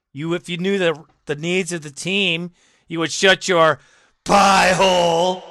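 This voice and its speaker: A man's voice: sits high, bright, forceful tone, clear, resonant tone, dry recording, clean studio sound. A man hosting a sports podcast, ranting sarcastically and mockingly at an absent critic, with indignant swearing. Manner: rants, swears, directly addresses absent critic. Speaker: podcast host.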